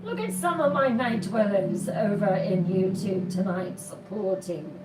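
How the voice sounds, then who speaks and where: A woman hosting a live horror storytelling stream, warmly greeting viewers by name in an affectionate, drawn-out way. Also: medium pitch, lively intonation, heavy background noise. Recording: roomy, distant mic with music behind. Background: music.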